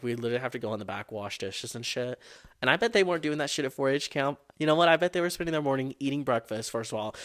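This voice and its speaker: A man's voice: mid-range voice, fairly bright tone. A young man hosting his own podcast, retelling a childhood story in a casual, profane and exasperated way. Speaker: podcast host.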